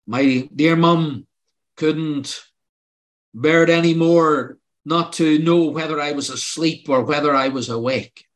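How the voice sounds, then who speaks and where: An older man preaching a sermon, telling his own testimony in an earnest, pleading way that rises to emphatic outbursts. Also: on the high side.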